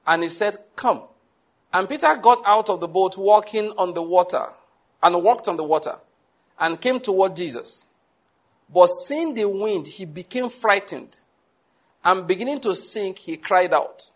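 A male preacher, delivering a lively sermon and asking his congregation questions. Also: high voice, measured pace. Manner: animated, rises to shouts, asks the congregation questions.

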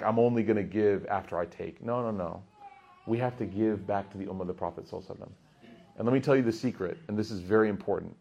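A man in his thirties giving a casual religious talk to a gathering, telling jokey stories about his kids and getting loud in the funny parts. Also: on the low side, gravelly, husky. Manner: storytelling, jokey, animated, rising loud in funny bits. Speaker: religious teacher. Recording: dull lo-fi sound.

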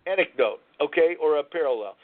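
A man's voice: high-pitched, animated, moderate pace. A man hosting a recovery talk radio show, telling a story in a rambling way and searching aloud for words, heard over a tinny phone-like line. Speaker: radio host.

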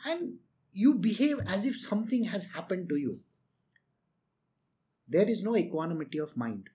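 A woman's voice: mid-range voice, expressive, normal speed, dark tone. A woman giving an earnest spiritual discourse, lecturing her listeners directly. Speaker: spiritual teacher.

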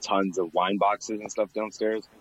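A man's voice: on the low side, flat delivery, a little slow, lo-fi sound. A young man being interviewed about bartending. He rambles casually, fills his talk with fillers and laughs often. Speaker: guest, former bartender.

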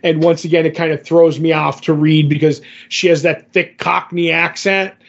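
A man talking through a comic book story in loose, casual podcast chat, stopping and restarting his sentences often. His voice sits a little higher than most men's. The audio is dull and lo-fi, with the top end rolled off. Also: flat delivery, normal speed, gravelly. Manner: rambling, many fillers and restarts. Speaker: podcast co-host.

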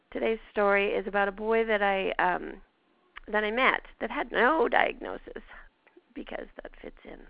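A woman's voice: mid-range voice, vocal fry, no echo. A woman with a Canadian accent hosting a show, chatting casually and telling a personal story with laughs. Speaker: podcast host. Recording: dull lo-fi dry sound.

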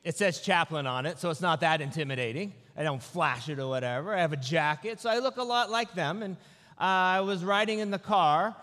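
Male pastor, fairly high voice, relaxed storyteller with self-deprecating humor, sermon recorded in a big reverberant sanctuary. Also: brisk. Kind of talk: sermon with humorous personal stories. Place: church sanctuary. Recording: long reverb of a large hall.

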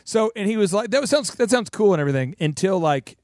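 A man's voice: sits high, animated, quick pace, a little mellow, no echo, clean studio sound. A middle-aged man hosting a casual talk show, telling stories with laughter and restarted sentences. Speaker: host.

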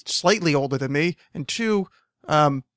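A podcast host from New Jersey in his thirties chats casually, his voice on the high side, animated and fairly bright but slightly raised, strained and going hoarse as he loses it. He speaks at a measured pace, rambling, swearing and laughing often between points. The sound is close and dry with no echo or room around it.

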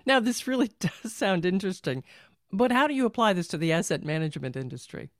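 A man's voice: high voice, expressive, fast talker, no echo, clean studio sound. A man hosting a podcast interview, asking friendly, brief questions. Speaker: podcast host.

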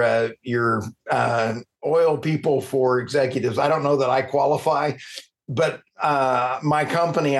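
A man hosting an energy podcast, talking with passion and getting worked up, then apologizing for it. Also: medium pitch. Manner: impassioned, gets worked up and apologizes. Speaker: podcast host. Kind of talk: conversational interview.

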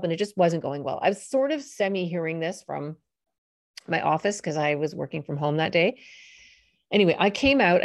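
A middle-aged woman talks through a family story on her parenting podcast. Her voice sits slightly low, and her delivery is loose and conversational, full of small fillers and self-corrections. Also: vocal fry, darkish tone. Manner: conversational, anecdotal, with fillers and restarts.

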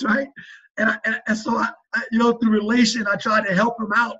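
Here a father talks earnestly about fathering on a faith-based podcast, preachy and emphatic, repeatedly restarting his sentences as he shares parenting advice. Though his delivery is flat, his high voice is sharp and slightly rough, and he speaks a little fast. The audio sounds dull.

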